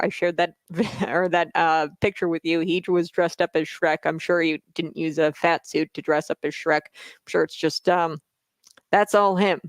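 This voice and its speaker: A man's voice: sits high, a bit bright, dry recording. A man hosting a casual political commentary vlog, talking in a sarcastic, mocking way with lots of filler words.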